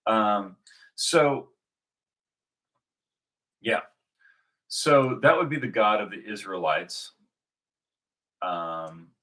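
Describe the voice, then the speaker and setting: Bright-toned man in a rambling monologue. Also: lowish voice. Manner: rambling, many restarts and fillers. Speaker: video host. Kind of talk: unscripted religious monologue.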